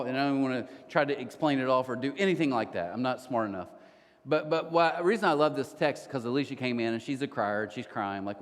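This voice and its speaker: A man preaching a sermon as pastor, telling stories in a conversational, animated way with quick restarts. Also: mid-range voice. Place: church auditorium. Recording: church hall reverb.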